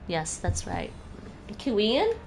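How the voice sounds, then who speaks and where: A woman's voice: mid-range voice, wildly swooping pitch, takes it slowly. A woman with a Midwestern American accent chatting casually with her stream while playing a game, musing aloud and answering chat. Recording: noisy background hum.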